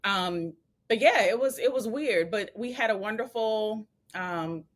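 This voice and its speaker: A woman telling a story in a casual chat, animated and chatty, laughing often and using slangy asides. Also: medium pitch, unhurried. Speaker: bride and co-host of a couple's channel.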